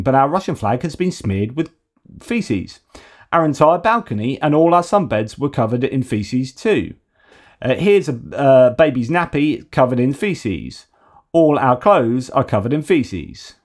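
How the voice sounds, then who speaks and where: A man's voice: mid-range voice, expressive, normal speed, a little mellow. A man from the UK hosting a casual news commentary show, talking loosely with sarcastic, mocking asides. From United Kingdom. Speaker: host.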